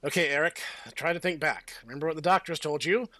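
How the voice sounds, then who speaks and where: A man's voice: a little high, steady tone, fast, bright, forceful tone, no room sound. A man hosting a let's play, reading game text aloud with playful, jokey asides. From United States. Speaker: host.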